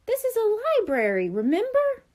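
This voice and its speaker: Brief: woman reading a prim, lecturing boy bear from a storybook, pitched up high and lively. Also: a little slow. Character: brainy know-it-all young boy bear.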